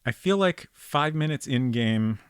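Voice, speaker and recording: A man's voice: medium pitch, lively intonation, unhurried, clean tone, no echo, clean studio sound. A man streaming an old detective game, thinking aloud in a casual, rambling way with frequent ums as he works things out. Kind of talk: casual let's-play commentary.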